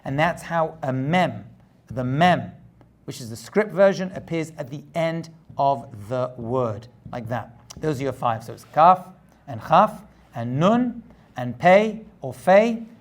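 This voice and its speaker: A man's voice: on the high side, expressive, slow pace. A man, a rabbi, giving a step-by-step lesson in a patient way, repeating points, checking in with the learner and correcting his own slips as he goes. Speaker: rabbi teaching Hebrew script.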